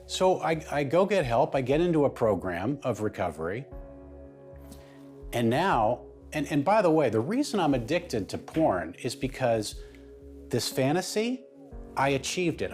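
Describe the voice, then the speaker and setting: A man's voice: mid-range voice, sing-song, normal speed, darkish tone, faint music behind. A man speaking as an interview guest, telling a personal story in an emphatic way that builds in intensity.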